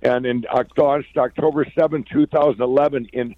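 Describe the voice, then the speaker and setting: A man from Minnesota, a company founder and interview guest, telling his story in a rambling, excited way with many restarts. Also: medium pitch, moderate pace, narrow, tinny audio, very noisy. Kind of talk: conversational storytelling.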